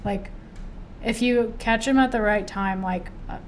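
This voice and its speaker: A woman in her twenties, a grad student co-hosting a podcast, talking in a chatty, relaxed way with frequent laughs and filler words. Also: a little high, unhurried, a little hiss or hum. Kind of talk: casual chat.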